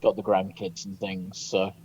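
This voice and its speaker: A man's voice: low-pitched, monotone, darkish tone, husky. Hesitant male caller on a dull line. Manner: hesitant, halting, many restarts. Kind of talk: casual phone-in chat.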